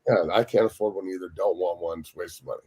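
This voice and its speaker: A man, a former pro football lineman, telling loud, profane stories as a guest on a sports talk show. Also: deep voice, fairly even intonation, rapid-fire, crowd noise. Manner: loud, profane, laughing storyteller. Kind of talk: casual storytelling.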